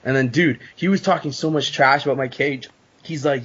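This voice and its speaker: A man's voice: mid-range voice, normal speed, slightly rough. Fired-up man telling a story, lo-fi. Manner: animated storytelling, swears a lot. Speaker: podcast guest. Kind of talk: casual chat. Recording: dull lo-fi podcast audio.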